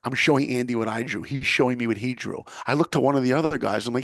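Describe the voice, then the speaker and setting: A man's voice: medium pitch, fast, hardly any pauses, dry recording, studio quality. Punchy motivational storyteller, a man. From New York. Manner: punchy, motivational, acts out quoted voices. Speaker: guest. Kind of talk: animated storytelling.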